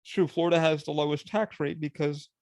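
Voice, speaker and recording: A young man hosting a podcast in casual solo chat, rambling and profane, laughing and quoting people in animated voices. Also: on the high side, fairly quick, dry recording. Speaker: podcast host.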